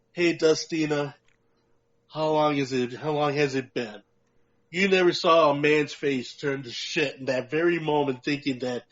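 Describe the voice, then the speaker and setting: A man co-hosting a podcast, telling a long, profane, animated story about a prank with lots of laughter. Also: fairly high pitch. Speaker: podcast co-host. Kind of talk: casual storytelling chat. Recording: muffled lo-fi audio.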